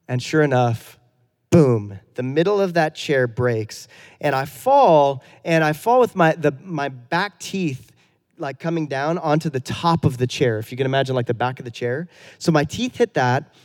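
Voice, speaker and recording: Man, 30s, pastor, sermon, chatty storytelling, a bit high-pitched. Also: animated, normal speed, a little mellow. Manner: conversational storytelling with self-deprecating humor.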